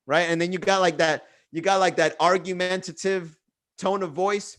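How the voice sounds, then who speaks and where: A young man with a somewhat high voice hosts a casual comedy livestream. He tells stories in a loose, swearing bro-talk way, like chatting with friends. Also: a little fast, fairly bright tone. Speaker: comedy podcast host. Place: Miami.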